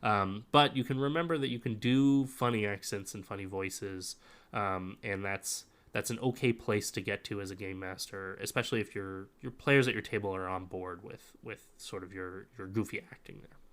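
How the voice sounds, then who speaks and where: A man's voice: lowish voice, moderate pace, fairly bright tone. A man co-hosting a podcast in casual chat, explaining game-master advice at length.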